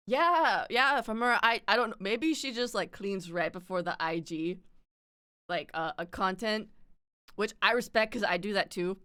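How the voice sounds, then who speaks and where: A woman streamer rambles casually to her chat while she draws. Her voice is bright and crisp. She swears freely and breaks into laughter often. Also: lowish voice, normal speed, no echo, studio quality.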